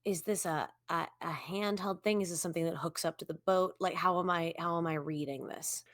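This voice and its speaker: A woman plays in a tabletop game, full of curious questions about what her character can do. Her voice sits on the low side for a woman. The sound is dry and close. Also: a little fast, dry recording. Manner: curious, asking many questions. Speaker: player.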